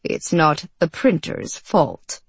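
A man's voice: on the high side, big pitch swings, slow, vocal fry, breathy edge, no room sound, exaggerated voice. A woman reading a storybook voices a gloomy, despairing male court astronomer who talks to his servant with exasperation and scorn.

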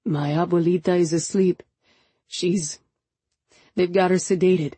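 A woman reading an audiobook and voicing a grieving young man whose voice is thick and hoarse. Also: fairly low pitch, fairly even intonation, measured pace, warm tone, no echo. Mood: despairing. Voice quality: thick, husky voice. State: hoarse, choked with grief.

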